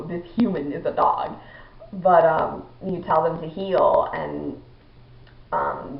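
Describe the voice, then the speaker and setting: A woman's voice: on the low side, gravelly, slight background noise. A young woman telling a personal story to her viewers in a chatty vlog, with many ums and likes. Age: young adult. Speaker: vlogger. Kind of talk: casual storytelling to camera. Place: her home, indoors. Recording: echoey room, dull lo-fi audio.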